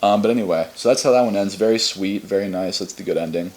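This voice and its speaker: A man's voice: sits low, fast. A young man co-hosting a podcast, recapping a game's story in casual, rambling chat with lots of restarts and loose swearing. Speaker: podcast co-host.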